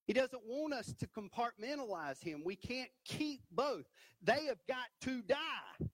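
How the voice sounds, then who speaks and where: A man preaching a sermon from a church stage, animated and emphatic, punctuating points with "right?". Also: extremely high pitch, unhurried, no echo, rough recording. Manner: animated, rising to emphatic peaks with repeated "right?".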